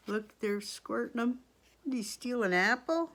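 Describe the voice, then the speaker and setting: A woman teacher reading a picture book aloud to children, expressive, gasping and asking the listener questions. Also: fairly high pitch, unhurried.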